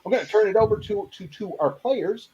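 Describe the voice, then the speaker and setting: A man's voice: high-pitched, brisk, mellow. A man introducing himself as game master of a tabletop game, friendly and easygoing. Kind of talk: casual self-introduction. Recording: dull lo-fi sound.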